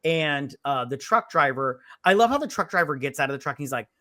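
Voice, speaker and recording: A man's voice: a little high, expressive, brisk, pushed and bright, no echo, studio quality. A man hosting a casual movie review podcast, retelling a plot in a rambling, profane way. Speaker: podcast host.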